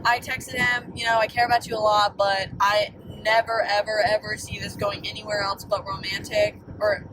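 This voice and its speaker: A woman's voice: mid-range voice, normal speed, hardly any pauses. Exasperated young woman in a noisy voice memo. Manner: exasperated, swearing, animated retelling. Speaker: caller. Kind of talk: voice memo storytime. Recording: distant voice memo with background noise.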